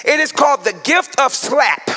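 A pastor in his forties preaching a sermon with a sing-song cadence, shouted peaks and humorous asides. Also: very high voice, expressive, normal speed, long reverb tail. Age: 40s.

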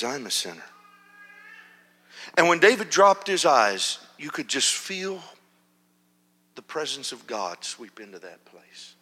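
Animated male preacher in a reverberant hall. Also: mid-range voice. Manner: animated, swings from hushed to loud. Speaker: pastor. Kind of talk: storytelling sermon.

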